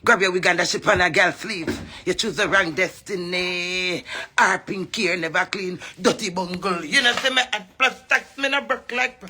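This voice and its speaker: A woman with a Jamaican accent ranting at a rival to camera, brash, profane and mocking, breaking into sudden loud cries. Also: lowish voice, a little hiss or hum. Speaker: entertainer addressing a rival. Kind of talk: rambling taunting rant to camera.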